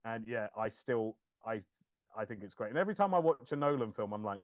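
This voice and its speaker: Podcast co-host, thirties, male, lively and jokey, swears freely, acts out quotes, dry mic. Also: on the low side, a little fast, dry recording. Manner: animated, laughing, swears, acts out quoted lines. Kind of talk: casual chat.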